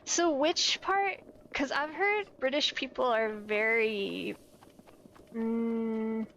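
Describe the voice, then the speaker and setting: There's a little hiss or hum as an American woman chats casually with viewers during a game stream, reading their messages and often struggling to find her words. She speaks slowly in a slightly high voice with a fairly bright tone.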